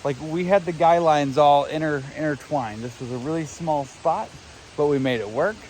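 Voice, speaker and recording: A man's voice: on the high side, normal speed, a little mellow, a little hiss or hum, poor audio. Upbeat man vlogging outdoors on the trail. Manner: chatty, upbeat, laughs easily. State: tired and sore from hiking. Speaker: thru-hiking vlogger. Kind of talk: casual trail vlog to camera. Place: outdoors at a damp forest campsite.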